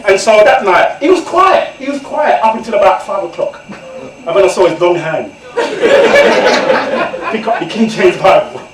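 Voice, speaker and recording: A man, an author telling comic stories to an audience in an animated way and laughing often. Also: high voice, normal speed, long pauses. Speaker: author, guest speaker. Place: event room indoors. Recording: echoey room from far off, noisy.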